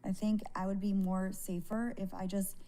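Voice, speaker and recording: A woman talking casually to viewers on a live stream, candid and halting, swearing freely and often restarting her sentences. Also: mid-range voice, level tone, dark tone. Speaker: livestreamer.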